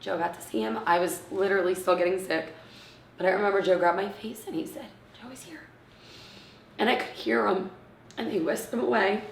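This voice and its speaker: Gravelly-voiced woman telling a personal story. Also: mid-range voice, fairly quick, a little hiss or hum. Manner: acts out others' words, often drops to a hushed near-whisper. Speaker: interviewee, mother of premature twins. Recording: roomy, from a distance.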